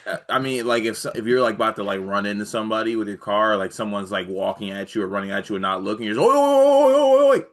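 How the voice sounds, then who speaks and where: A man's voice: lowish voice, level tone, fast, few pauses, sharp tone. A man co-hosting a casual sports podcast, rambling and joking with lots of fillers. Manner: rambling, jokey, many "like" fillers.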